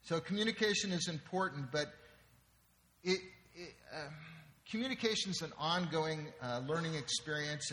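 A man's voice: a little high, sharp tone, slight background noise. A man preaching a sermon in a conversational way, often checking in with the congregation. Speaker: pastor. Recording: long reverb in a large hall.

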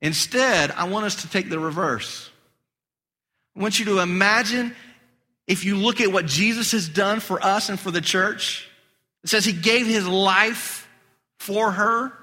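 A male pastor giving an animated, conversational sermon, his voice getting hoarse. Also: high voice, a little slow. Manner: animated, conversational preaching with acted-out quotes. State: losing his voice. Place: church sanctuary. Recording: long hall reverb.

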